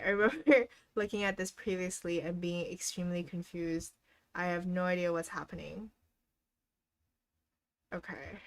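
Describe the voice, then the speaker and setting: A woman's voice: on the low side, fairly bright tone. A young woman hosting a casual live stream, cheerfully encouraging viewers and reading out their goals with frequent giggles. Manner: giggles often between remarks. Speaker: livestream host.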